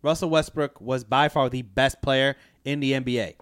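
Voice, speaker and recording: A man's voice: medium pitch, steady tone, normal speed, crowd noise. A man co-hosting a sports podcast who argues his points bluntly and swears freely. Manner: blunt, profane, argumentative. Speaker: podcast co-host. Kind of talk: casual sports chat.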